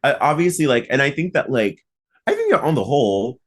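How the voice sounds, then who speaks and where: A man hosting a podcast, talking casually with lots of "like" fillers and animated emphasis. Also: medium pitch, fairly quick. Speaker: podcast host and mock trial coach.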